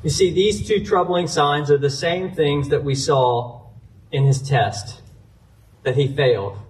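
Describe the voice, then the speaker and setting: A male pastor works through a scripture story in an earnest sermon, citing chapter and verse along the way. His voice sits a little high and comes from a distance, with faint room ambience behind it. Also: a little slow, slight background noise.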